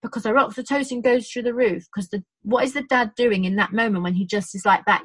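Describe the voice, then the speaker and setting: A woman's voice: a little high, brisk, few pauses, slightly rough, no room sound, rough recording. A woman with a British accent who works in birth support, chatting casually and acting out quotes as she tells stories. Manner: animated storytelling with acted-out quotes. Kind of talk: casual chat.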